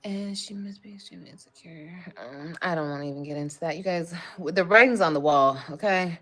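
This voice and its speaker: A woman's voice: deep voice, brisk, fairly bright tone. A woman talking casually on a livestream, blunt and heavy on swearing as she vents to her viewers. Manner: blunt and profane, emphatic venting.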